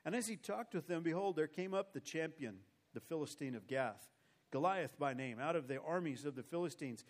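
A man preaching a sermon. He reads old scripture aloud, then comments on it with emotion and emphasis. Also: on the high side.

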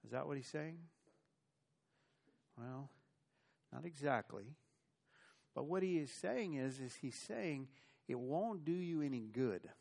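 A man's voice: mid-range voice, creaky, a little mellow. A male pastor preaching an earnest sermon, stumbling over repeated restarts and adding wry asides. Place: church.

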